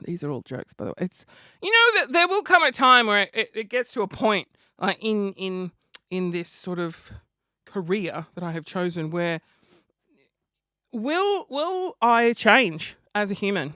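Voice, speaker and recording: A man's voice: sits high, very animated, unhurried, bright, forceful tone, clear, resonant tone, no echo, studio quality. A young man hosting a comedy podcast, chatty, camp and self-deprecating. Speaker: podcast host.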